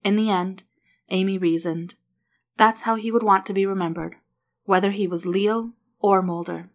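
A woman narrating a story in an even, unhurried reading voice. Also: medium pitch.

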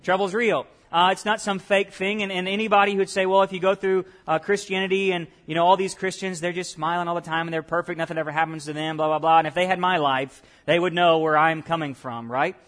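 A man's voice: sits high, flat delivery, quick pace, few pauses, fairly bright tone. A male pastor preaching a conversational sermon, often repeating himself and putting questions to the congregation.

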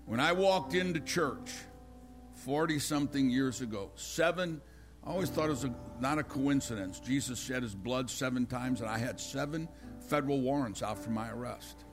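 A man's voice: medium pitch, moderate pace, music in the background. An older man preaching an impassioned, emphatic sermon.

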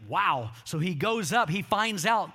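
A middle-aged man preaches with a notably high, bright voice. He tells stories, slips into quoted voices, and calls on the congregation to answer back. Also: lively intonation, a little fast. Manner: storytelling with quoted voices, call-and-response. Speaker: pastor. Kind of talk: sermon.

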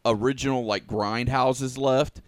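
A man hosting a casual chat show, talking in a halting way and repeating words as he gathers his thoughts. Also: mid-range voice, steady tone, clear, resonant tone, no room sound. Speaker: show host.

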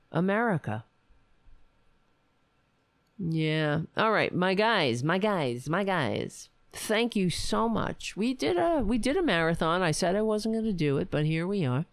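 A woman hosts a casual livestream from home, chatting wryly with her viewers at an unhurried pace. Her voice sits a little low. The sound is dry and close from a home webcam mic. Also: sing-song, dry recording. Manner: chatty, wry, talks to her pets in a soft coaxing voice. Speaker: livestream host.

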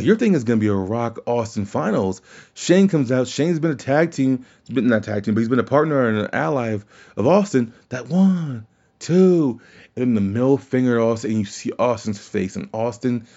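A man talks through his opinions in a loose, rambling podcast style, often restarting his sentences and swearing now and then. His voice is mellow and dark. The recording sounds dull and lo-fi. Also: medium pitch. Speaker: wrestling podcast host. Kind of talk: casual opinion podcast talk.

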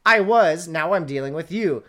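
A woman's voice: lowish voice, expressive, normal speed, a bit bright. A woman reading as a curt, commanding young man. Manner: curt and impatient, then coaxing. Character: brusque, commanding young man, a demanding lover. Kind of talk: reading a novel aloud.

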